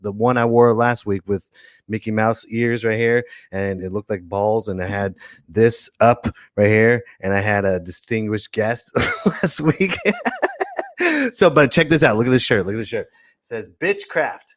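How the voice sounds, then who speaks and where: A male podcast host in casual live-stream chat, excitable and playful, full of jokey asides. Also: on the low side, unhurried, dry recording, clean studio sound.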